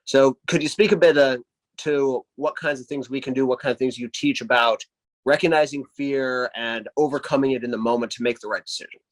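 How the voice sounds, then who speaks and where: A man hosting an interview, asking his guest questions in a measured, careful way. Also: medium pitch, rough recording. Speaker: podcast host.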